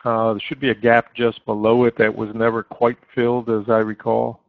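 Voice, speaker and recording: A man's voice: medium pitch, normal speed, vocal fry, dry recording. Guy coaching traders live in a chat room, lots of ums, dry tinny line. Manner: steady, coaching tone with frequent fillers. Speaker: trading chat room moderator. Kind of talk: live market commentary.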